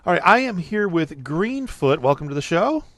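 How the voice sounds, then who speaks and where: A man's voice: a little high, big pitch swings, normal speed, a bit bright. A man hosting a podcast in casual chat, laughing often and acting out bits of dialogue. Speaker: podcast host.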